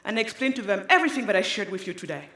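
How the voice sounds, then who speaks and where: A woman's voice: medium pitch, expressive, very fast, a bit bright. A woman from Africa giving an inspirational conference talk on stage, emphatic and repeating key phrases. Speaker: speaker. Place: large hall on stage. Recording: echoey hall, long reverb.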